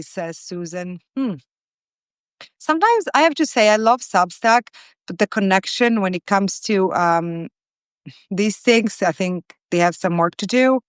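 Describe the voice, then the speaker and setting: A woman in her forties hosts a casual live cooking stream, warmly greeting viewers by name and chatting as she cooks, often restarting her sentences. Her medium-pitched voice is clear and resonant, with no room sound.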